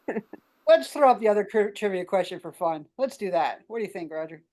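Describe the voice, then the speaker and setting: A chatty woman from Arkansas hosts a relaxed group video call. She rambles warmly through fillers and often breaks into laughter, and she sounds like she is getting over covid. The voice has an ordinary middle pitch and comes through a video-call mic. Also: fairly quick. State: ill with covid. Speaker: host. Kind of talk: casual video call chat.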